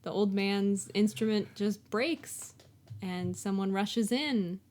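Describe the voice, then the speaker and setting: A young adult woman co-hosting a podcast in playful, casual chat, quick to laugh. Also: mid-range voice, darkish tone. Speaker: podcast co-host.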